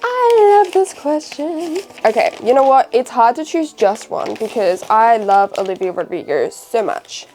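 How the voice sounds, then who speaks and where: A woman's voice: medium pitch, moderate pace, few pauses, darkish tone, a little hiss or hum. A young Australian woman in casual, rambling chat as a vlogger, wrapping presents while she talks.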